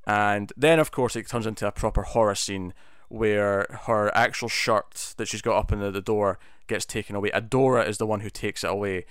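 A man's voice: lowish voice, fairly even intonation, normal speed, few pauses, clean tone, no echo, studio quality. A man casually talking through a TV episode, rambling with many restarts and fillers. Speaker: TV episode reviewer. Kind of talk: casual spoken review.

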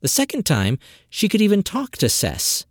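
A professional narrator reading a fantasy short story in a measured, expressive storytelling manner. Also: mid-range voice, no room sound, clean studio sound. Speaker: audiobook narrator.

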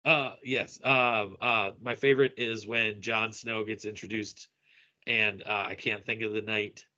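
Halting man on a lo-fi line. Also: lowish voice, fairly even intonation, bright, forceful tone, no echo. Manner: halting, apologetic, repeats himself. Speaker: podcast co-host. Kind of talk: casual podcast chat.

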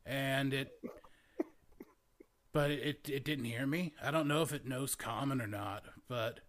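A man's voice: mid-range voice, a little slow, a bit bright, a little hiss or hum, lightly acted. A man voicing a laid-back, rambling young male druid who drawls and fills every sentence with "like" and "man". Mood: spacey. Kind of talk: tabletop role-play character voice.

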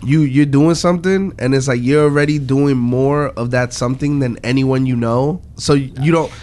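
A man's voice: medium pitch, moderate pace, darkish tone. Stuffy-nosed man hosting a casual podcast. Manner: laid-back, swears casually. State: stuffy from a cold. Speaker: podcast host.

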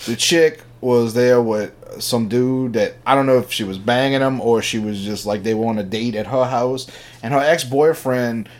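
A male podcast co-host chats in a loose, casual way. He hesitates a lot and fills the gaps with filler words while he works his way into a story. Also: mid-range voice. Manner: halting, lots of filler words. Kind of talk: casual chat.

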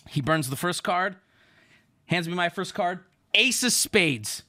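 A man streaming, telling an animated story to his chat and friends, shouting at the high points and dropping low to mimic others. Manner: excitable, shouts at the big moments, drops into gruff voices for others.

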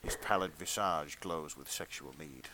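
A man co-hosting a comedy podcast, reading fan fiction aloud in a hushed, mock-serious tone. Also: a bass voice, moderate pace. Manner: reads in a hushed, mock-serious tone, then cracks up. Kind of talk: dramatic reading with comic asides.

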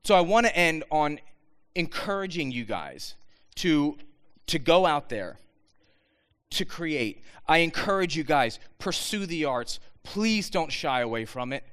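A man giving an earnest, animated talk to students, with frequent restarts. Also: on the high side, unhurried, clear, resonant tone. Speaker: speaker addressing students.

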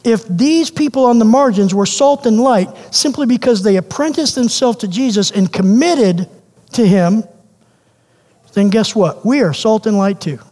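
A man preaching a sermon as pastor, animated and questioning, repeating phrases for emphasis. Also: high voice, normal speed. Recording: long hall reverb.

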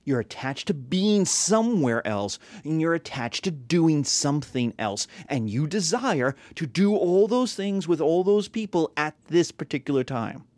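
A man's voice: fairly high pitch, very animated, a little slow, hardly any pauses, darkish tone, no echo. A man teaching a class, talking casually with rhetorical questions and acted-out quotes. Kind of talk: classroom lecture.

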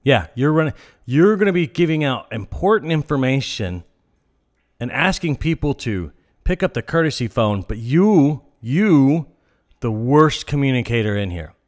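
Man, comedic rant, sarcastic, exasperated, mid-pitched voice. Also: sing-song, normal speed. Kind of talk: ranting comedic monologue.

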